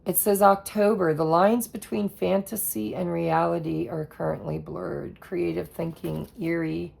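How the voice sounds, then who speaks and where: Slow gravelly woman reading tarot. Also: fairly low pitch. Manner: slow, relaxed, with soft laughs and trailing pauses. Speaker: tarot reader.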